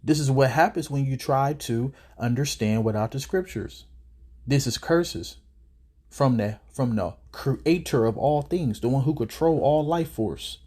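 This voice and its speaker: A man's voice: mid-range voice, expressive, measured pace, mellow. A man out of breath, reading and quoting scripture in a casual, preachy commentary on a clip. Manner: preachy, quotes scripture at length; casual street talk. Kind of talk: religious reaction commentary.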